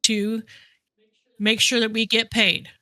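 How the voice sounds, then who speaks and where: A woman's voice: a little high, little pitch movement, slow, sharp tone, no echo. A woman playing a tabletop game who speaks bluntly and teases the others. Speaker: player. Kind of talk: tabletop role-play chat.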